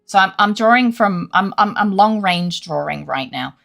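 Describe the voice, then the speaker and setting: A woman's voice: medium pitch, lively intonation, moderate pace, gravelly, a bit bright, soft background music. A young British woman streaming live, rambling and chatting with her viewers through fillers and restarts, while she has a headache. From Britain. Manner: rambling, greets chat often, many fillers and restarts. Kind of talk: casual live-stream chat.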